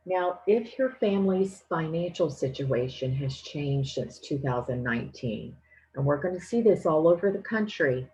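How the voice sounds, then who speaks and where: Low-voiced woman explaining step by step. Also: animated, moderate pace, darkish tone, rough recording. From Louisiana. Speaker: financial aid presenter. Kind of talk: instructional presentation.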